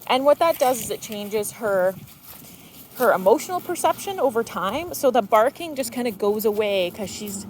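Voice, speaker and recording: A woman dog trainer explaining calmly while walking a dog outdoors and breaking into high-pitched praise for the dog. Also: moderate pace, a little hiss or hum. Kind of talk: explaining on a walk. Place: outdoors on a neighborhood walk.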